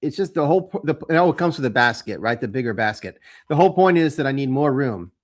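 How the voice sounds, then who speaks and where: A man with a mid-pitched voice talks casually to his viewers. He rambles along, stopping often for ums and uhs and starting his sentences over. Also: animated, fast talker. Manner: rambling, with many fillers and restarts. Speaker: homebrewing channel host. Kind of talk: casual chat to camera.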